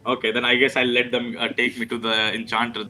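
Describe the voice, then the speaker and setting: Male player, bright and flustered, trips over his words. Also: medium pitch, level tone, brisk, soft background music. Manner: flustered, stammering. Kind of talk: tabletop game chat.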